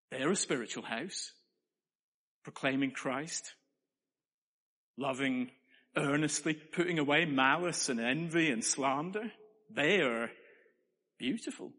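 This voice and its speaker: A man's voice: mid-range voice, a bit bright. A man delivers a sermon in a church, earnest and conversational with playful asides. His voice sits in the middle of the male range. A long hall reverb trails each phrase. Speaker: preacher.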